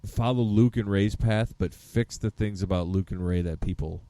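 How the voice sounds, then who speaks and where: Low, mellow male podcast co-host, excitable and profane, dry close sound. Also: normal speed, no room sound. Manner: excitable, swears freely, laughs often. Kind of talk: casual chat.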